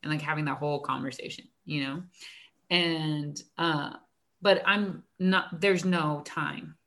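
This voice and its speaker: A young woman, a teacher, chatting casually and acting out her students and herself in animated stories. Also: sits low, a little slow. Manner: animated storytelling, acts out student dialogue, frequent "like". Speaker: elementary school teacher. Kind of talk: casual chat.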